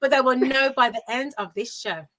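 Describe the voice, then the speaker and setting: A woman's voice: high-pitched, fairly quick, bright, forceful tone. A woman co-hosting an interview podcast, chatty and teasing with easy laughter. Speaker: podcast co-host.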